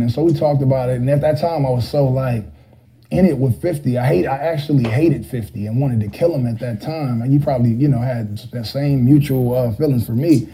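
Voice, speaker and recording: A man's voice: mid-range voice, brisk, mellow, poor audio. A middle-aged man, a rapper, casually telling a rambling story full of fillers, now and then mimicking other voices.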